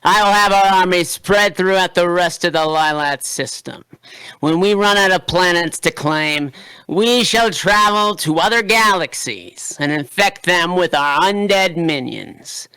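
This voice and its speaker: Brief: male reader as a smug, cold vampire wolf villain; slow, bright taunts. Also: high voice, animated, clear, resonant tone, no room sound, full character voice. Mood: scheming. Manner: gloating, drawn-out taunts. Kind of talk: live comedic fanfic reading.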